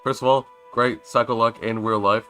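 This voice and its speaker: Young man, game streamer, bright tone, playful rambling commentary with loud bursts. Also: mid-range voice, steady tone, normal speed, soft background music. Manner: chatty, jokey, reads game lines with loud outbursts. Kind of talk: casual let's-play commentary reading dialogue aloud.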